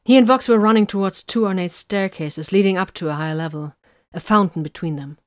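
A woman reading a fantasy story as narrator, with steady, measured storytelling. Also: medium pitch, dry recording, studio quality. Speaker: audiobook narrator. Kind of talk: scripted narration.

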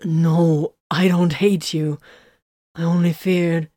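Woman doing a wounded male soldier, pleading, halting, low voice, slow, dry sound. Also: little pitch movement, dark tone, no room sound. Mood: remorseful.

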